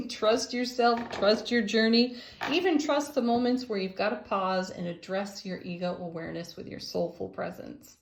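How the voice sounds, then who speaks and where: A woman's voice: medium pitch, steady tone, moderate pace, vocal fry, a little hiss or hum. A woman reading tarot and oracle cards in a casual, encouraging way, laughing often as she talks. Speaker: tarot and oracle card reader. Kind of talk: casual spiritual card reading.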